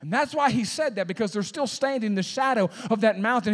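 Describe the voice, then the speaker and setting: A man pastor preaching a sermon to a congregation, with call-and-response lines and sudden swings between hushed talk and loud emphasis. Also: sits high, quick pace. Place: church sanctuary. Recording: long hall reverb.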